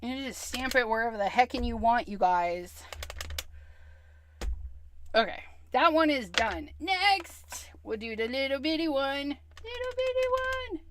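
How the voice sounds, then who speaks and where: Woman, livestream craft host; higher pitch, unhurried delivery, casual running chatter to viewers. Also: expressive, noisy background. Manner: chatty, talks to viewers while stamping, hums and murmurs to herself.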